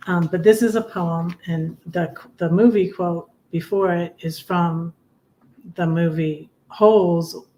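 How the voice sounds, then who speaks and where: A middle-aged woman hosting a casual livestream, chatting softly and reading her own poems in a rambling, soft-spoken way. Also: sits low, slight background noise, poor audio. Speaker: livestream host.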